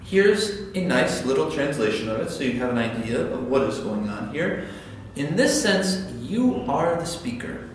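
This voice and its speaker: A man teaching parents in an online lesson, animated and quick, acting out sample phrases as he explains. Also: medium pitch. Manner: animated, talks fast, demonstrates phrases. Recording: echoey room, far from mic, faint hum.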